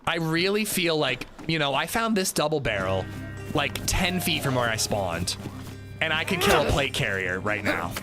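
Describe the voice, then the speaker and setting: A man's voice: on the high side, sing-song, moderate pace, over music. A man streaming a game, chatting casually and rambling, with lots of filler words. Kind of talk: casual livestream gaming commentary. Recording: noisy background hiss.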